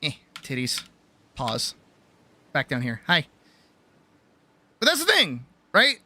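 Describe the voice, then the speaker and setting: A woman's voice: low voice, huge pitch swings, slow pace, bright, forceful tone. A woman streamer giving a rambling, profane pep talk in casual livestream chat. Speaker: streamer and artist.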